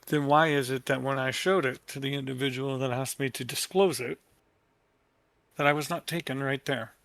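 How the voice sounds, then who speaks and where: Gravelly man, blunt and impatient. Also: medium pitch, fairly even intonation, normal speed, fairly bright tone, no echo. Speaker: player. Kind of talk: in-character tabletop play.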